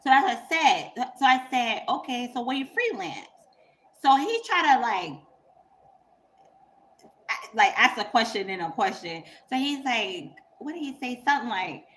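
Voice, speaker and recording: A woman's voice: on the high side, animated, moderate pace, fairly bright tone. A woman on her own channel, telling a story in casual, profane, emphatic talk and laughing through it. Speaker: YouTuber.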